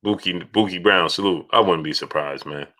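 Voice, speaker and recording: A low-voiced man runs a casual livestream chat, calling out names from the chat. His voice is bright and forceful and sits low. He repeats phrases as he goes. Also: normal speed. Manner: shouts out chat donors, repeats himself. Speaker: livestream host.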